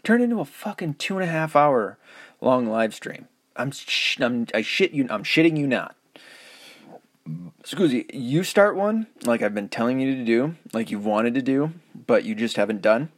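This middle-aged podcast host has an expressive mid-range voice, talking at normal speed in a studio-quality recording without echo. His casual solo monologue rambles along, full of swearing, chuckles and jokes at his own expense.

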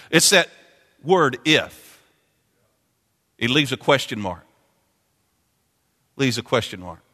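Pastor, male, bright forceful preaching voice, repeats lines and builds in fervor; long church reverb. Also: mid-range voice, lively intonation, unhurried, long pauses. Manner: preaching with swelling intensity, repeating phrases. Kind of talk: sermon. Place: church sanctuary.

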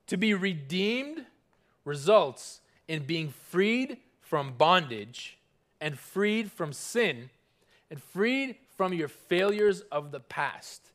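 High-voiced man preaching an earnest sermon. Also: very animated, a bit bright. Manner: earnest, emphatic preaching with repetition and audience call-and-response; slows down on scripture, stressing single words. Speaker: pastor.

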